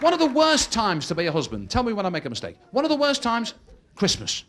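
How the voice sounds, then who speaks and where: A man with a high voice does stand-up, talking fast with wildly swooping pitch as he tells stories and plays characters in changing voices. The show was recorded live, and loud audience laughter fills the background.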